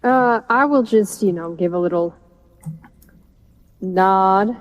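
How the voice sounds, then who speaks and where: A woman's voice: mid-range voice, takes it slowly, dry recording, dull audio. A woman playing a tabletop game, speaking in a formal, dry manner. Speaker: player.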